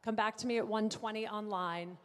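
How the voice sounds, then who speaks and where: A woman's voice: mid-range voice, fairly even intonation. A woman auctioneer runs a live car sale, rattling off figures and teasing bidders between calls. Her voice rings out in a large room with a long trailing reverb. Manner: brisk bid-calling with playful asides to bidders.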